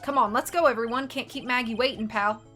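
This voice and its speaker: Woman as a booming happy-go-lucky cop, high and bright, light music behind. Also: fairly even intonation, fast talker. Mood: rowdy. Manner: boisterous, folksy, calls people pal. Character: loud goofy male detective, loyal and broke. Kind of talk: dramatic game reading.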